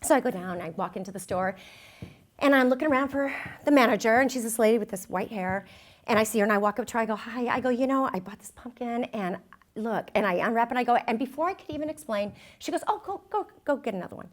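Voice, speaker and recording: Animated woman telling a sermon story. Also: fairly high pitch, quick pace. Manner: storytelling, animated, self-mocking. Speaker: speaker.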